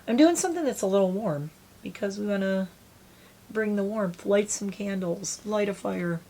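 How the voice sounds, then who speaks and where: A woman's voice: mid-range voice, normal speed, mellow. A woman in her forties chatting casually as she does her makeup, rambling and self-deprecating. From United States. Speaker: beauty vlogger. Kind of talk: casual get-ready-with-me chat.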